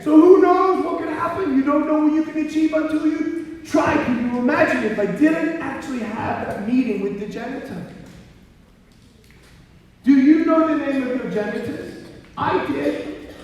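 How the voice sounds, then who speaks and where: A man giving a live motivational speech to students. He tells stories in an animated way and acts out the people he quotes. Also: very high voice, normal speed. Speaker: motivational speaker. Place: high school gymnasium. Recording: echoey gym, heard from far off.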